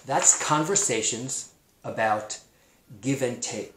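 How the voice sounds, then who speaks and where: Male teacher with a Pacific Northwest American accent, slow and patient, repeats words for little kids; somewhat low voice, echoey room. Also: expressive, background noise. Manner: slow, repeats new words for young children. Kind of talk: kindergarten-level explanatory lesson.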